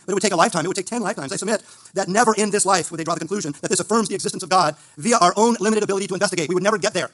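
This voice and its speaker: A man giving a formal, gently ironic closing statement at a debate event. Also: high-pitched, racing. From Italian heritage.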